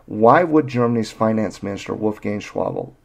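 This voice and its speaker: A man's voice: lowish voice, fairly quick, gravelly. A man hosting a casual finance podcast, joking with his co-hosts and reading quotes aloud. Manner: jokey, reads quotes aloud. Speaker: podcast host.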